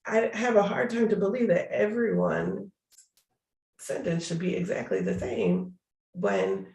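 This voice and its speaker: A man's voice: high-pitched, expressive, unhurried, creaky, a little mellow, reverberant. A man, a city prosecutor, talking earnestly and emphatically in an interview over a video call, repeating phrases for stress.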